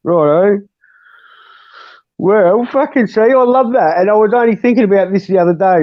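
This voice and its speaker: An Australian man from Western Australia hosting a casual chat, rambling, swearing constantly and laughing often. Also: sits high. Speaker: host. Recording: dull lo-fi sound.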